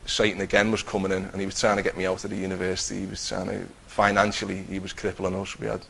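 A middle-aged man telling his personal Christian testimony in an earnest, halting way, with many restarts. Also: deep voice, completely flat delivery, gravelly, a bit bright, a little hiss or hum, rough recording. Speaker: Christian teacher giving testimony.

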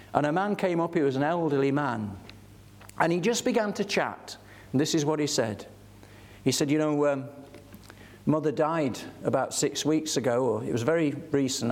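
A man's voice: medium pitch, darkish tone. An older man preaching a sermon, telling stories earnestly and building to fervent emphasis.

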